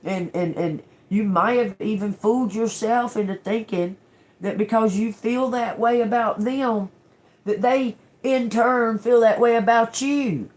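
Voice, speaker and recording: This tarot reader has a fairly high, darkish voice and keeps a measured pace. Reading casually for her viewers, she curses a lot, speaks bluntly and emphatically, and often asks "okay?"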